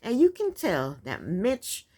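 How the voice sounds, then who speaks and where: Female recap vlogger, chatty and opinionated, lively, expressive delivery. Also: medium pitch, slow. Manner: blunt, sassy, chatty with frequent asides.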